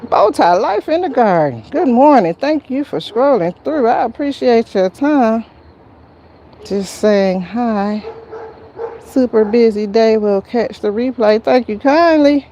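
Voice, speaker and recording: Woman host on a garden livestream, slow, mellow, faint traffic behind. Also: a little high, expressive. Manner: chatty, greets viewers by name, says y'all. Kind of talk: casual live-stream chat while potting. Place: outdoor garden near a road.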